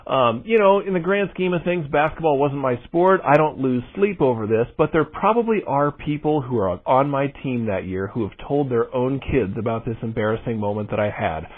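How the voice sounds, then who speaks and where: A man recounts an old story in a candid, self-deprecating way. His voice sounds husky and comes through a tinny phone line. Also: mid-range voice, expressive, moderate pace, few pauses. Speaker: caller.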